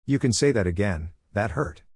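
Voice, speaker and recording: A man voices a brash, determined young ninja in a fan audio story, eager and quick to yell. The low voice sits close to the mic, with no room echo. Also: lively intonation, husky. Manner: eager, stammering when moved.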